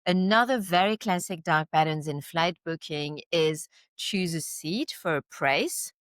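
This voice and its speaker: A woman's voice: fairly low pitch, unhurried, a bit bright, dry recording. A woman in her forties, a native French speaker, explaining her subject as a podcast guest through vivid concrete scenarios. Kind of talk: explanatory interview talk.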